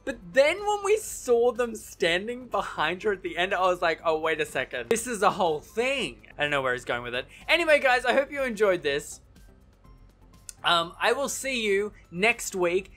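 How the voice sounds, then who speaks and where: A man casually giving his opinions in a TV recap vlog, chatty and animated, often correcting himself mid-sentence and laughing easily. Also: high-pitched, normal speed, soft background music. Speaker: TV recap vlogger.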